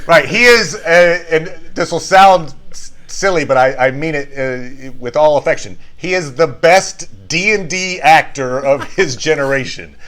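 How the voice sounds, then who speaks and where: A man's voice: fairly high pitch, measured pace, a bit bright. A man co-hosting a podcast, chatting casually and enthusiastically about a favorite film. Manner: enthusiastic, quotes movie lines in playful voices. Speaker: podcast co-host. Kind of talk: casual chat.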